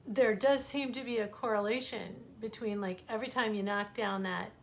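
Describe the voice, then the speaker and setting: Here an author reads her stories online from home, a middle-aged American woman whose mid-range voice stays steady at normal speed. The storytelling is casual and conversational, with imitated voices for quoted people and a little background noise.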